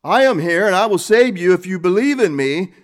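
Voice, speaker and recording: A man voicing a strong, loud voice from above that promises to save a man if he lets go. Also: sits high, lively intonation, a little fast. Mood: commanding. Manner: loud and commanding. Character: strong voice from above offering rescue.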